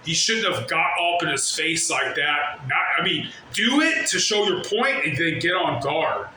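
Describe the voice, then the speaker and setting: A man with a fairly high, pushed and bright voice rants in a reaction video, brash and swearing all the time as he meanders off topic. It's a profane, rambling rant captured in a very echoey room with slight noise.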